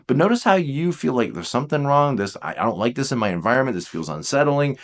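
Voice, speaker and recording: Speaking with a mid-range voice, a man coaching on the Enneagram chats casually with his viewers on camera. He animatedly imitates them in playful voices and slows down, going quiet, to stress key points.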